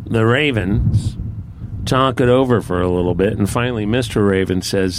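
A man telling a folk tale in a relaxed, conversational, folksy way. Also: on the low side, moderate pace, noisy background. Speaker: storyteller. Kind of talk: folksy spoken storytelling.

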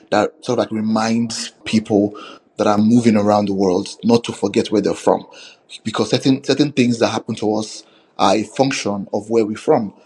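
A man's voice: on the low side, darkish tone, husky, low-quality recording. Man talking loosely about his film. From Nigeria. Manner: rambling, many fillers and restarts. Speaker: filmmaker. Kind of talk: interview answers.

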